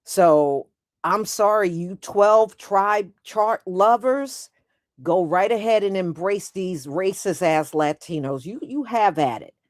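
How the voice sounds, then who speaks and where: Blunt woman host, slow and dry. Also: mid-range voice, lively intonation, dry recording. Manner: blunt, emphatic, repeats points. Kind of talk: live-stream commentary.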